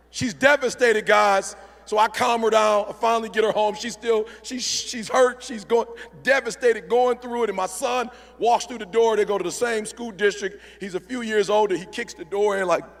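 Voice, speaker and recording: A middle-aged man giving an emphatic, repetitive motivational speech in a large convention hall, sometimes shouting. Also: high voice, normal speed, creaky, hardly any pauses. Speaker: motivational speaker.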